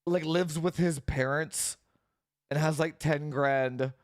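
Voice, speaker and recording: A man's voice: fairly high pitch, fairly even intonation, slow, no room sound. Profane ranting young man, dry sound. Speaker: streamer. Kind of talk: casual stream chat.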